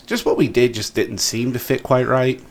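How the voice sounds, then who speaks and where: A man's voice: mid-range voice, normal speed. A man co-hosting a podcast in casual chat, telling stories animatedly and acting out what people said. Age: adult, parent of an eight-year-old. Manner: animated storyteller acting out quotes. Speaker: podcast co-host.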